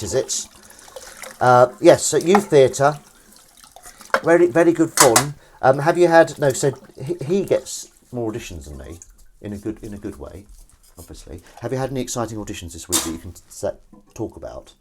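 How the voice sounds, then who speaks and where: A man's voice: mid-range voice, lively intonation, fairly quick, noisy background. A man chatting casually on a live stream while washing up, rambling and teasing the people watching. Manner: rambling, chatty, teasing, talks to chat while doing chores. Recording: running water and dish clatter behind.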